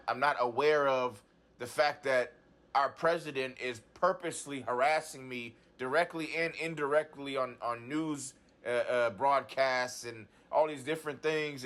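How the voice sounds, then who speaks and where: A man telling his troubles in a therapy session, halting and repeating himself as he restarts his sentences. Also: mid-range voice, a bit bright. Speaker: client in a talk therapy session. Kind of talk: agitated personal account.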